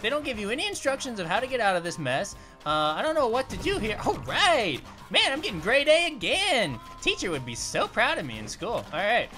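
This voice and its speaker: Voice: medium pitch, brisk, hardly any pauses. A performer voicing a cheerful young male cartoon grape who jokes and cries out while playing a video game, over faint music. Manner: excitable, jokey, cries out at near misses. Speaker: let's play commentator. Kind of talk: cartoon character let's play commentary.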